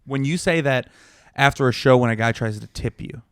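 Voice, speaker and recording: A man co-hosting a podcast, telling an animated, profane story in casual chat. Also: medium pitch, brisk, smooth, dry recording, clean studio sound. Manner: animated storytelling, heavy swearing. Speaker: podcast co-host.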